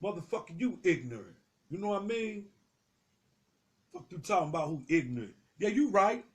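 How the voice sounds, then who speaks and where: A man's voice: high-pitched, sing-song, moderate pace. A young man giving heated, profane street commentary, confrontational and repetitive, swearing freely.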